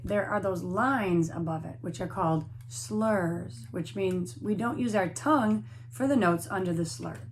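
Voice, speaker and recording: A woman teaches a flute lesson to young students in a patient, encouraging way. She explains each step clearly, with a mid-range voice. A faint hiss sits under the recording. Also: mid-range voice.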